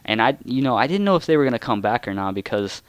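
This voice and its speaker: A man's voice: mid-range voice, animated, fast, no room sound. A young man, telling a story in casual commentary, rambling with lots of fillers. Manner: rambling, lots of "like" and "you know". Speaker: gaming channel creator.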